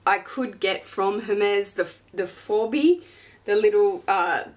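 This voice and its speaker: A woman's voice: medium pitch, slow pace. A woman in her thirties, a fashion vlogger, talking in a gushing, chatty and emotional way as she unboxes and shares personal news. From Australia. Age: 30s.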